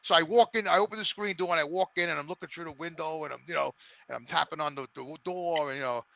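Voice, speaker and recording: A man telling a story on a panel talk show, animated and profane, restarting his sentences with stammers. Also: on the high side, fast talker, creaky, dry recording, lo-fi sound. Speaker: regular panelist. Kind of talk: casual storytelling.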